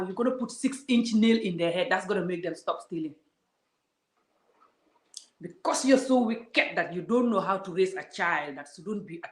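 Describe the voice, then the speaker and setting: A woman vlogger ranting to her viewers in a heated, scolding way, talking straight at them. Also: fairly low pitch. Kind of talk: casual vlog rant to viewers. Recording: roomy echo.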